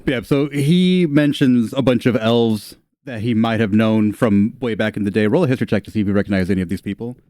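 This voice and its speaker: Low-voiced man running a tabletop game. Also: fairly quick, hardly any pauses, warm tone, no room sound, clean studio sound. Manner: casual, laughing asides. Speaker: game master.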